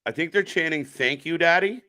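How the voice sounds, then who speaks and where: A man's voice: on the high side, brisk, bright, forceful tone. A man hosting a live watch-party stream, giving loose, profane commentary and answering chat. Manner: profane, rambling, jokey, chats with viewers. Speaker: live stream host reacting to wrestling.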